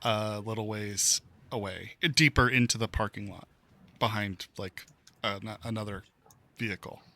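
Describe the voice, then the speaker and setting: A man's voice: fairly low pitch, steady tone, measured pace, bright, forceful tone, a little hiss or hum. A man running a tabletop roleplaying game as game master, easygoing and often laughing.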